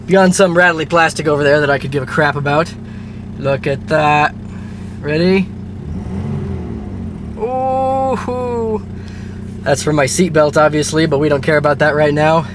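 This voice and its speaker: A man's voice: on the high side, noisy background. A man vlogging his car repair in a casual, wry way, grumbling a little as he talks to a handheld camera by his car and then inside it as he drives. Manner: chatty and wry, with mild grumbling. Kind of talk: casual self-filmed car vlog. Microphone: handheld camera mic.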